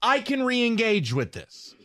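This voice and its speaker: A man's voice: extremely high pitch, very animated, slow, fairly bright tone, dry recording, studio quality. Blunt, emphatic sports talk man. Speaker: sports talk show co-host. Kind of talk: lively sports debate.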